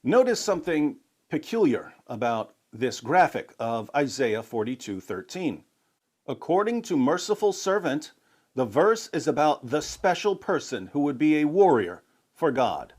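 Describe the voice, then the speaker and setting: Measured man narrating an argument. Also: on the high side, big pitch swings, a little mellow. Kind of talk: scripted narration.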